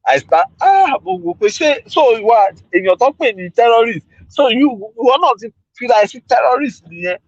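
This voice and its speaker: A man's voice: extremely high pitch, animated, fast talker, few pauses, dry recording, muffled recording. A man, exasperated and scornful, speaking mostly in during a heated political talk.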